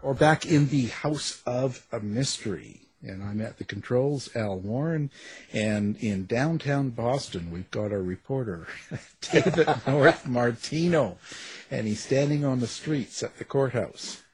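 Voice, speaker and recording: A man's voice: medium pitch, animated, unhurried, slight background noise. A man hosting a radio show, introducing his guest in a jokey, casual way and laughing between phrases.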